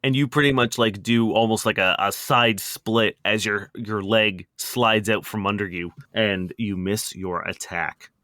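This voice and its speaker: A man narrating a tabletop game as game master, quick and lively, laughing now and then. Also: lowish voice, no echo, clean studio sound.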